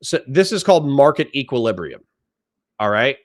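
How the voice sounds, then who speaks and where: A male livestream host with a mid-pitched voice rants and explains in casual, profane commentary. His voice sounds dry and close, with almost no room around it. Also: sing-song, moderate pace, no echo. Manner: profane, ranting, talks over clips.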